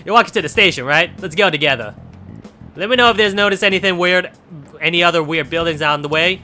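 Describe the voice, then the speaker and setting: A man's voice: a little high, fast, pushed and bright, faint music behind, pitched above the performer's own voice. A man voicing a brash young male delinquent student with a Southern accent. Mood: pushy. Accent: American Southern. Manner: brash, pushy.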